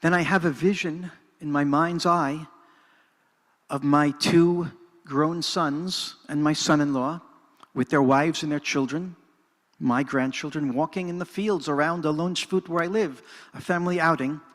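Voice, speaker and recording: An older man presenting in a synagogue hall tells a personal story earnestly and dramatically, alternating narration with reflection. He speaks unhurriedly in a steady, fairly bright voice on the high side, and the hall adds reverberation.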